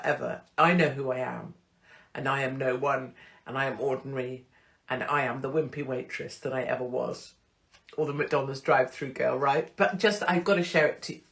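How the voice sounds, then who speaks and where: A woman's voice: extremely low pitch, gravelly. A middle-aged woman hosting her online show, talking to followers in a casual, blunt, chatty way and swearing freely. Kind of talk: casual unscripted monologue to followers.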